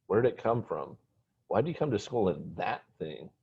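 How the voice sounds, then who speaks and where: A man's voice: low-pitched, sing-song, unhurried, creaky, breathy edge, full character voice. A man voicing a curious teenage schoolboy who asks insistent questions. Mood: questioning. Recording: dull lo-fi recording.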